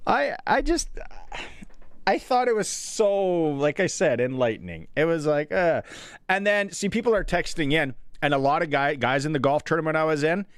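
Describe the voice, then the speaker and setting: A man's voice: fairly high pitch, moderate pace, smooth, dry recording. A Canadian man hosting a sports radio show, telling stories in casual talk and acting out the voices of the people he quotes. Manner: animated storyteller, acts out quoted voices. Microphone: studio microphone.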